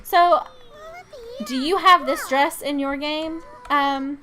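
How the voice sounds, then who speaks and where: A woman's voice: sits high, steady tone, slow pace, background noise. Giggly North Georgia woman streamer. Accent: Southern US, North Georgia. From North Georgia, USA. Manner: giggly, chatty, jokey. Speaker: live streamer. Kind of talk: casual live-stream chat while playing.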